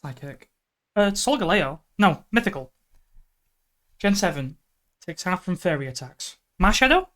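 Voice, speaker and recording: A woman's voice: on the low side, sing-song, a little slow, pauses often. A woman streaming live, thinking aloud through a guessing game and breaking into exasperated outbursts. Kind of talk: live stream chat while gaming.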